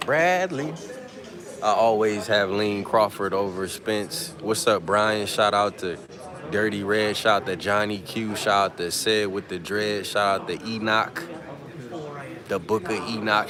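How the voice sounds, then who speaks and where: A low-voiced man hosts a loose, slangy livestream on his phone and reads out viewers' shout-outs. Chatter from a busy room hums behind him. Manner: laid-back slang, reads out viewer comments. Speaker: livestream host. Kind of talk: casual live chat with viewers. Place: press conference media room.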